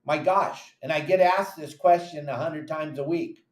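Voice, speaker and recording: Animated fishing captain in an echoey room. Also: male voice, a little high, moderate pace, a little hiss or hum. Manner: animated, acts out friends' voices in quotes. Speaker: fishing podcast host and charter captain. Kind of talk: casual fishing advice talk.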